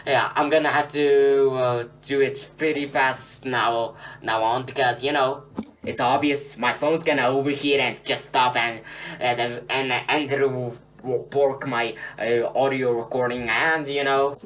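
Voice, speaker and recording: A man's voice: mid-range voice, flat delivery, a little slow, a bit bright. A young man rambling through an unscripted phone review, with many fillers and restarts. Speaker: tech reviewer. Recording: slightly distant with faint hum.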